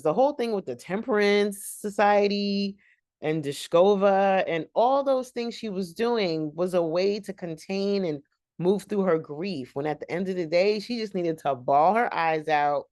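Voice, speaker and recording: A woman's voice: medium pitch, a little mellow, dry recording, studio quality. A woman hosting a casual, rambling TV recap and talking straight to her viewers as "y'all.". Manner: chatty, addresses viewers as y'all; long-winded and rambling. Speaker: TV show recap host.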